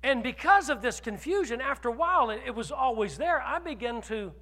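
A man preaching a sermon as pastor, telling a personal story with animated swings from loud declarations to hushed asides. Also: very high voice, fairly quick, in a large hall.

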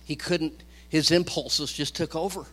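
A middle-aged male pastor preaching a sermon, animated, swinging between loud bursts and quiet asides. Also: on the high side, measured pace. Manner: animated preaching, rising and dropping loudness.

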